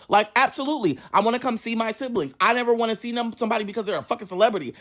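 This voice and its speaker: A man with a somewhat raised pitch tells a personal story to the camera. He is animated and dramatic, swears freely, and rants with comic exasperation. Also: very fast, hardly any pauses. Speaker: vlogger telling a story. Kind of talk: casual storytime monologue.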